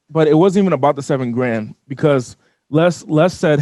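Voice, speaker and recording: A man telling a personal story as an interview guest, animated and often repeating and restarting his words. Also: on the high side, normal speed, no room sound. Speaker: business owner guest. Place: studio.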